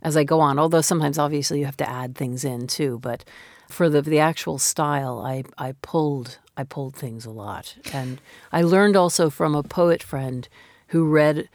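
A woman's voice: low-pitched, normal speed, a little mellow, no room sound. Thoughtful novelist woman, dry close sound. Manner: thoughtful, reflective, conversational. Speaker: novelist guest. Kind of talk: interview conversation.

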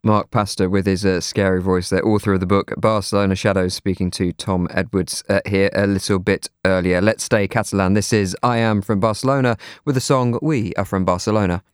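Low-voiced male radio host. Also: fairly even intonation, fairly quick, few pauses, smooth, dry recording, studio quality. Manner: self-deprecating, jokes about his own slips. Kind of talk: radio presenting. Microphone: studio microphone.

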